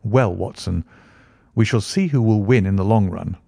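A man voicing a keen, brooding Victorian detective in an audiobook reading, speaking in a precise, measured way. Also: fairly low pitch, creaky, dark tone, no room sound, studio quality. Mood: determined.

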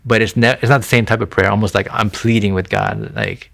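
Low gravelly guy telling his faith story, earnest, lots of "you know" and "right?". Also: fairly even intonation, fairly quick, a bit bright. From Thai family background. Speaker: interview guest sharing his faith testimony. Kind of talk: casual conversational testimony.

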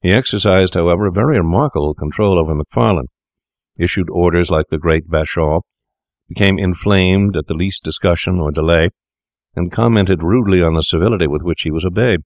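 Deep-voiced male audiobook narrator. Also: no echo, clean studio sound. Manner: measured, formal storytelling. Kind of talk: scripted narration.

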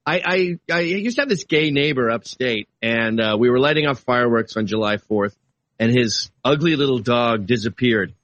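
A man arguing his side in a heated political debate, animated and argumentative, swinging between casual asides and sudden exclamations. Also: medium pitch, moderate pace, dry recording. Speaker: political guest.

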